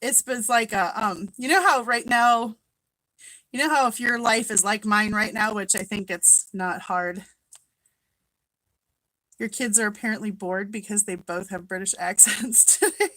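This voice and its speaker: A woman's voice: medium pitch, a little slow, pushed and bright, no echo, rough recording. A woman from Minnesota hosting a casual live-stream chat from home, greeting viewers by name and laughing often.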